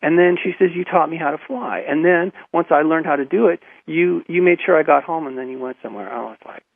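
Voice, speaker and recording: A man tells a long personal story in a gravelly, somewhat husky voice, restarting often and acting out what others said. The sound is dry and tinny, like a phone-line radio feed. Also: on the high side, fast, no room sound. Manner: animated, lots of restarts and quoted dialogue. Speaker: guest. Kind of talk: storytelling in a conversation.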